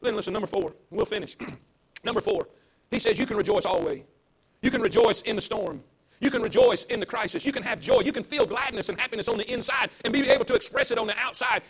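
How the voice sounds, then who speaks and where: A man's voice: high-pitched, fairly bright tone, husky. A man preaching an emphatic, repetitive sermon to people at home. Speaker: pastor.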